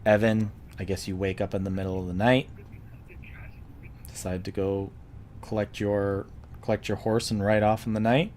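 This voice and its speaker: Game master, low male voice, playful and measured, faint noise behind. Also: little pitch movement, darkish tone. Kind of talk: narrating a tabletop game.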